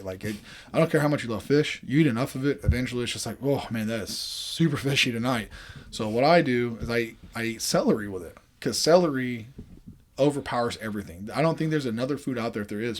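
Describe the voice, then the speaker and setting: A man's voice: mid-range voice, fast. Laid-back Southern man chatting. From American South. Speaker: podcast host. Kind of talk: casual chat.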